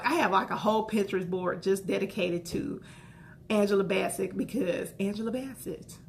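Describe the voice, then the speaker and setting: Chatty woman vlogger with a gravelly voice. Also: mid-range voice, normal speed, slight background noise. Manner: animated, chatty, exclamatory. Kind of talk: casual chat to camera.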